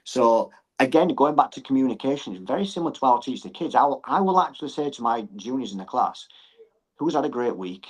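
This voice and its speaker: A man's voice: medium pitch, expressive, quick pace, hardly any pauses, breathy edge, poor audio. A middle-aged man, a gym owner and coach talking earnestly as a podcast guest and repeating phrases for emphasis.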